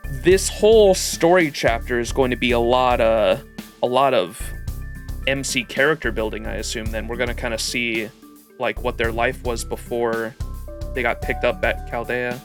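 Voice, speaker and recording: A man's voice: mid-range voice, moderate pace, faint music behind. A man streaming a game live, reacting casually and thinking aloud, with loose swearing and stumbling restarts. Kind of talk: live gameplay commentary.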